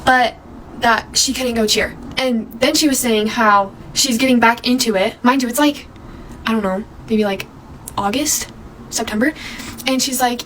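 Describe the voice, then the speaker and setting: A woman's voice: fairly high pitch, a little fast, slight background noise, rough recording. Chatty young woman telling a story. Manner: chatty, animated retelling with quoted voices and laughs. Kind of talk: casual story time.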